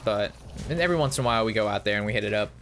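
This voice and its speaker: A man's voice: fairly low pitch, animated, rapid-fire, fairly bright tone, a little hiss or hum. A man streaming and telling stories in a casual, rambling and profane way. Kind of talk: casual storytelling while streaming.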